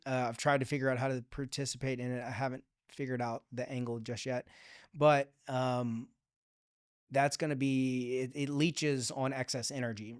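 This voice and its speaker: As a guest on a laid-back podcast, a man with a smooth, resonant, medium-pitched voice thinks out loud in long, upbeat stretches packed with fillers and restarts. He sounds optimistic and focused on what's ahead, and he works as a digital strategy manager. The recording is close and dry, with no echo.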